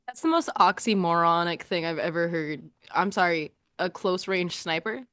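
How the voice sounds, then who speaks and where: A woman's voice: on the low side, expressive, normal speed, a bit bright, clear, resonant tone. A young woman chatting on a stream, joking with dry sarcasm. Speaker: co-streamer friend. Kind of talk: casual stream chat.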